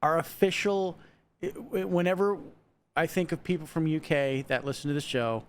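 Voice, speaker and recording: A man's voice: a little high, fairly even intonation, moderate pace, a little hiss or hum. A man co-hosting a podcast, chatting casually and chiming in with reactions. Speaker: podcast co-host. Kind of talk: casual chat.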